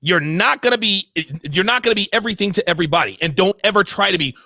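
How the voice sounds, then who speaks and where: A man streaming mocking commentary on a video clip, sarcastic and laughing often, mumbling low when he mimics her. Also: fast, bright, forceful tone, no echo, studio quality.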